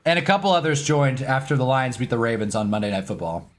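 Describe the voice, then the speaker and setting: A man's voice: mid-range voice, animated, quick pace, soft background music. A man hosting a casual live sports stream at his own desk mic, loose and chatty, swearing now and then and talking to his chat.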